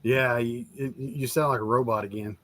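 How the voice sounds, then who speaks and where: A man's voice: mid-range voice, steady tone, moderate pace, noisy background. A man co-hosting a podcast, cutting in with short, blunt remarks. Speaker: podcast co-host. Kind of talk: casual podcast discussion.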